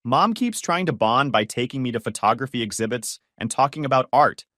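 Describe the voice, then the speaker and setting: A weary, frustrated teenage daughter in a spoken story, read by a man in his own voice. The pitch moves freely, and the sound is close and dry. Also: lively intonation, fairly quick, sharp tone, no echo. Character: tired nineteen-year-old daughter, frustrated.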